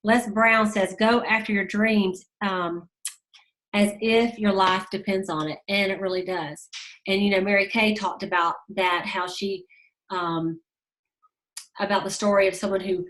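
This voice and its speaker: A woman with a drawl talks casually to her team, encouraging them through stories. She fills pauses with "um" and "you know" and repeats key lines for emphasis, at an ordinary middle pitch. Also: steady tone, fairly bright tone. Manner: storytelling, many fillers, emphatic repetitions. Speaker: sales team leader giving a motivational talk. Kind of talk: casual motivational talk.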